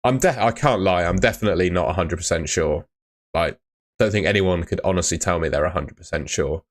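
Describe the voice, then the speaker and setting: A young man hosts a live stream in a very low voice. He reads out viewers' questions and answers them bluntly, tacking "mate" onto nearly every reply. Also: a little fast. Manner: chatty, blunt advice, often ends with "mate". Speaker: fantasy football streamer. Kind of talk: casual live-stream chat.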